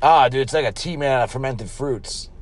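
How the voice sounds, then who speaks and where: A man co-hosting a comedy podcast, rambling and profane with a deadpan spin on silly fake products. His pitch sits right in the middle for a man. He talks loosely, trailing off and starting over. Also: fairly quick. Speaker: podcast co-host. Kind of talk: improvised comedy podcast with mock ads.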